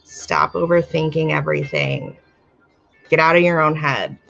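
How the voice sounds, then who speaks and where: Gravelly-voiced woman hosting a card reading. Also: low-pitched, very animated, unhurried, lo-fi sound, faint music behind. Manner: warm-hearted, calls viewers my dear and my love. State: itchy eyes and sneezing from allergies. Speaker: host doing oracle card readings for viewers. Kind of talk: casual live-stream card reading. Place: home, live video stream.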